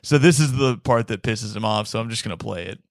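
A man's voice: on the low side, brisk, no room sound, studio quality. A man hosting a casual chat, reading review quotes aloud and laughing often. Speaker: podcast host.

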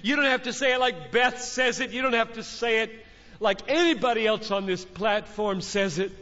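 A man's voice: high-pitched, moderate pace, bright, forceful tone. A middle-aged man preaching a fervent sermon from a stage, exhorting his listeners with emphatic repetition. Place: large conference hall. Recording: dull recording, long hall reverb.

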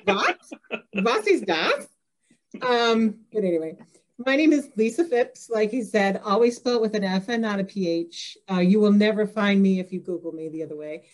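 A woman's voice: medium pitch, brisk, darkish tone. Laughing, self-deprecating woman guest. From Indiana, USA. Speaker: author guest. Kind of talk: casual interview chat.

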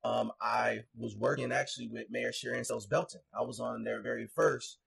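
A man from North Minneapolis, a guest on a podcast, talking in a relaxed and talkative way. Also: medium pitch, moderate pace, creaky, breathy edge. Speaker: guest, attorney. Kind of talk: casual podcast interview.

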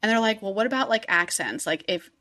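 A woman's voice: mid-range voice, expressive, fast talker, pushed and bright. Woman, podcast co-host, chatty storyteller, lots of fillers, acts out quotes. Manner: chatty storyteller, heavy 'like', acts out quotes, laughs often. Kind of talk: casual true-crime chat.

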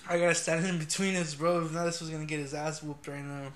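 A young man hosts a casual podcast and tells stories full of swearing and laughter. His voice is bright and sits a little high. A faint hiss runs under the recording. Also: level tone, fast. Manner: profane, laughing storytelling. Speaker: podcast host. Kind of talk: casual chat.

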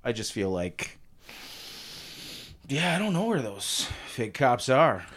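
Male improviser as a bright-voiced, swooping, defensive husband rambling through his tale. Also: medium pitch, very animated, slow, exaggerated voice. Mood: blustery. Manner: rambling, defensive, laughing asides. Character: simple-minded beer-selling suburban husband. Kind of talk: improvised comedy interview.

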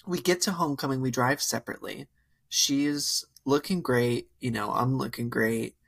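A man's voice: medium pitch, normal speed, gravelly, breathy edge. A young man in casual podcast chat, telling a wild dating story with lots of fillers and acted-out quotes. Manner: animated, filler-heavy, acts out quotes. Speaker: podcast co-host.

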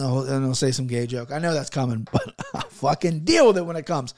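A man's voice: mid-range voice, lively intonation, moderate pace. A man hosting a solo podcast, talking bluntly and rambling with lots of swearing and restarts, and getting fired up as he pushes his listeners. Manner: gets fired up, pushing listeners hard. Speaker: podcast host.

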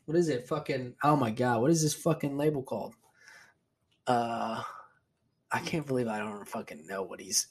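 A man's voice: medium pitch, normal speed, slightly rough. A man hosting his own podcast alone, rambling casually, swearing a lot and restarting sentences. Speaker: podcast host. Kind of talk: solo casual chat.

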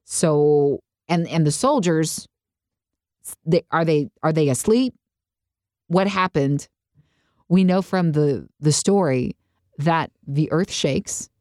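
A woman with a low, mellow voice tells a story in casual conversation. She acts out what people said as she goes, and her delivery stays lively. The room is dry, close and dead. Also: slow pace, long pauses, no room sound. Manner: animated storytelling, acts out quotes. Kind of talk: casual faith discussion.

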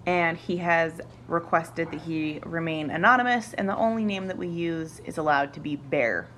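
Young woman, lower voice, swearing casually. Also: normal speed, a bit bright, a little hiss or hum. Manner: casual, swears often, laughs through her words. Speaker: podcast co-host. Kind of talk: casual podcast chat.

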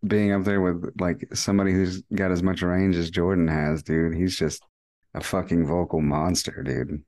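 Deep-voiced laid-back podcast host. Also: male voice, flat delivery, moderate pace, a little mellow. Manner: laid-back, frequent laughs, short enthusiastic reactions, says dude and man. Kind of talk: casual interview chat.

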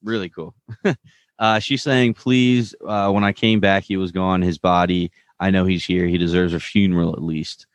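A man's voice: sits low, normal speed, dry recording. A man co-hosting a podcast, casually recapping a TV episode and loosely paraphrasing the characters' lines. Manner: relaxed, retells scenes with loose paraphrased quotes. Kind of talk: casual chat.

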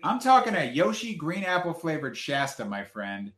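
A man in casual podcast chat, animated and quick to joke. His pitch swings widely as he talks. The room around him rings with echo. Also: a crowd in the background. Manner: animated, does comic impressions. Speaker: podcast co-host.

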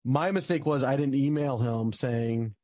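A man's voice: mid-range voice, unhurried, dark tone, no room sound. A young man telling a personal story in a casual, rambling way, with lots of fillers and bursts of frustration. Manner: rambling, many fillers, gets heated and swears.

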